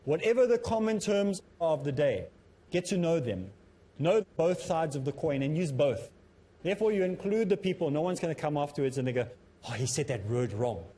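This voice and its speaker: A man presenting a televised lesson on public speaking, talking in a measured, instructive way that he himself calls a bit monotonous. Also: on the high side. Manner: self-described as a bit monotonous. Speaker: Islamic teacher and TV presenter.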